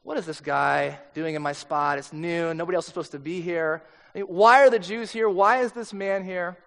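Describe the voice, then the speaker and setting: A man's voice: fairly high pitch, fairly even intonation, normal speed, creaky, fairly bright tone. A man voicing a wary, surprised Samaritan woman, asking questions in disbelief, as part of a sermon. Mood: suspicious. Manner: incredulous questioning. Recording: long hall reverb.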